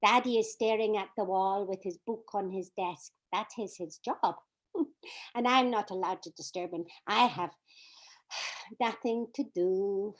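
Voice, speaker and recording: A woman playing a shy little girl who narrates her own story softly in a one-person stage reading. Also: mid-range voice, a little slow, voice pushed down, natural voice. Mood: wistful.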